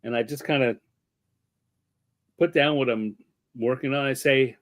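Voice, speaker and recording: A man's voice: mid-range voice, measured pace, long pauses. A man telling a long personal story in a casual talk, acting out what people said. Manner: animated, acts out quotes. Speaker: guest artist and podcaster. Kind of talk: anecdotal storytelling in conversation.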